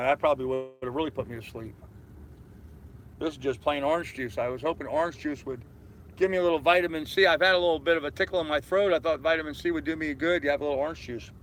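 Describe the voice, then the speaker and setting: A man in his late fifties with a slightly raised voice talks casually on his sailboat at anchor, tired and yawning. He rambles from one subject to the next and replies to viewers' comments in a relaxed way. Faint noise sits behind him. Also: on the high side. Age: 50s. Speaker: sailing vlogger reading live chat. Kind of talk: casual live-stream chat.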